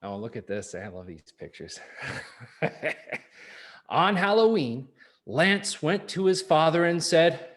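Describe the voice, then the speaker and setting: Animated man reading to kids. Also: fairly high pitch, slow pace, pauses often. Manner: chuckling asides. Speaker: early-years program reader. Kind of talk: reading a picture book aloud to children.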